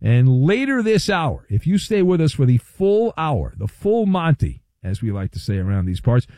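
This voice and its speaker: A man's voice: on the high side, sing-song, moderate pace, dark tone, dry recording. A man hosting sports talk radio, delivering a playful, wry monologue with hammy emphasis.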